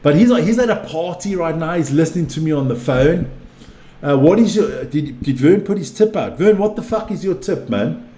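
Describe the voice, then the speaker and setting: A man's voice: a little high, lively intonation, moderate pace, dark tone. A man casually chatting on a live stream, rambling, repeating himself and swearing freely as he reads viewer comments. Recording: echoey room with faint ambient noise.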